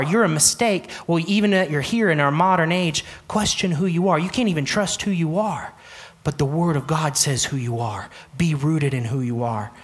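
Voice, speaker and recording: Brief: earnest sermon delivery, middle pitch, direct and repetitive. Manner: earnest, emphatic, repeats key phrases, addresses the church directly. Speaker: pastor.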